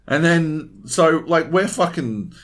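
A man talking on a casual gaming podcast, his pitch swinging widely as he tells stories. He swears freely and slips into quoted voices as he goes. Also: animated, slow. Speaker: podcast co-host.

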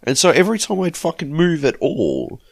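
A man's voice: fairly high pitch, huge pitch swings, fairly quick, creaky, breathy edge. An Australian man telling a rambling, profanity-laced story on a casual gaming podcast. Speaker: podcast co-host. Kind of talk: casual chat.

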